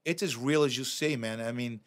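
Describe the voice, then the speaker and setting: A middle-aged man, a podcast guest telling animated stories, swearing freely and acting out quoted lines. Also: medium pitch, brisk. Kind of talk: casual storytelling.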